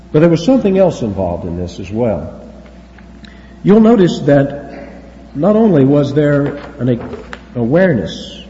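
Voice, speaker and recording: A man preaching a sermon with lively emphasis and chuckling asides. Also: medium pitch. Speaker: pastor. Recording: echoey hall, dull lo-fi sound, faint hiss.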